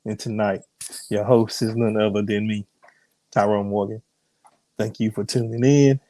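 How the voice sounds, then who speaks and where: A man's voice: fairly low pitch, flat delivery, normal speed, warm tone, dry recording. A man hosting a live ministry broadcast while sick, his voice strained; he chats casually, greets viewers by name, then prays and preaches. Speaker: host and minister. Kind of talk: live-streamed sermon and chat.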